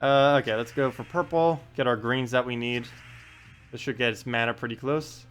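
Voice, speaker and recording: Soft music plays behind a male game streamer who answers viewer questions and comments on his play during a live stream. The tone is clean and medium-pitched at a normal speed, and he's laid-back, musing aloud with frequent ums and uhs.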